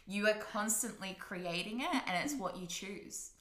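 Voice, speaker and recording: A woman's voice: mid-range voice, normal speed. A woman co-hosting a podcast in casual chat, bubbly and swearing freely. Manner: bubbly, swears freely, bursts into loud laughs. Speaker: podcast co-host. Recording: roomy echo.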